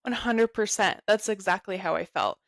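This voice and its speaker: Creaky-voiced woman telling her story. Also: mid-range voice, normal speed, no room sound, studio quality. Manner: talks with frequent "like" fillers, soft and earnest. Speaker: podcast guest sharing her story. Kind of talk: candid personal storytelling.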